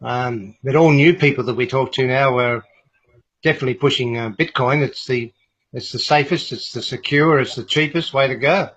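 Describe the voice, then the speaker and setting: Halting Australian man on a call. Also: medium pitch, a bit bright, rough recording. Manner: hesitant, halting with fillers. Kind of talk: casual online group call. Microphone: video call.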